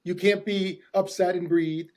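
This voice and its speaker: High-voiced enthusiastic man explaining. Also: fairly even intonation, unhurried, darkish tone. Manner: enthusiastic, explanatory, talks in long run-on thoughts. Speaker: host, hypnotherapist. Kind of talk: casual podcast conversation.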